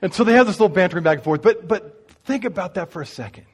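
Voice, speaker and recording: A man preaching, telling a story and speaking straight to the congregation in an animated way. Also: high-pitched, fast, husky. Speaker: pastor. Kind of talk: sermon storytelling.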